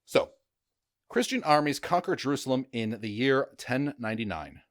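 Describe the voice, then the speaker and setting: A man's voice: medium pitch, lively intonation, normal speed, no echo, studio quality. A man hosting a casual history podcast, chatty and jokey, with frequent fillers and stumbles over names. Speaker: podcast host.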